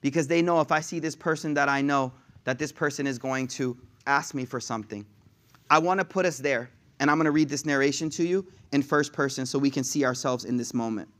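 An Islamic preacher with a medium-pitched, fairly bright voice speaks briskly. His sermon is casual and slangy, and he recites passages in Arabic before translating them.

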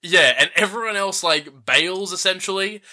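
Casting note: man with a very bright, slightly high voice, loosely recapping a film. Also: normal speed. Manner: rambling, recaps the plot with fillers. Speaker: podcast co-host. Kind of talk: casual film review chat.

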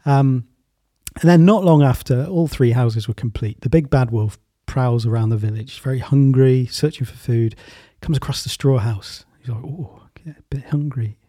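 Relaxed man telling a story. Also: mid-range voice, moderate pace, few pauses, dry recording, studio quality. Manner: relaxed, rambling with fillers and restarts. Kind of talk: casual storytelling in a talk.

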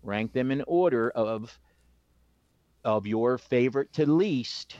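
A man at a mid pitch hosting a loose chat with friends, tripping over his words and chuckling as he keeps score. The sound is dry and close, with a dull, muffled top end. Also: animated, takes it slowly, darkish tone, no echo. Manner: laughing, stammering restarts, keeps score. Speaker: podcast host, moderator. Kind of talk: casual chat among friends. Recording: muffled lo-fi podcast audio.

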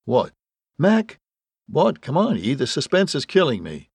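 A man voicing a wry, fatalistic man handcuffed to a flagpole, sardonic and exasperated, with a gravelly, husky voice. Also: mid-range voice, wildly swooping pitch, measured pace, no room sound, heavily acted. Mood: impatient.

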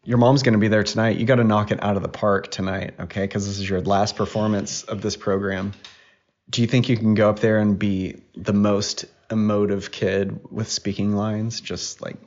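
A man in his thirties hosts a homemade podcast, joking and teasing his kid in relaxed chat. His voice sits fairly low, and the home recording sounds dull and lo-fi. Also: moderate pace. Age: 30s. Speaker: podcast host and dad. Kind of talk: casual chat with his young daughter.

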